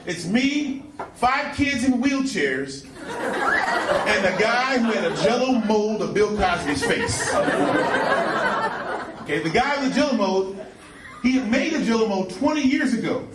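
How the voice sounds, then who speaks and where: A man performs stand-up with an animated, storytelling delivery. His voice sits high and swings widely in pitch. He is heard from a distant mic in an echoey club, over crowd noise and laughter. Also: a little slow, long pauses. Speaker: stand-up comedian. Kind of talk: stand-up routine. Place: comedy club stage.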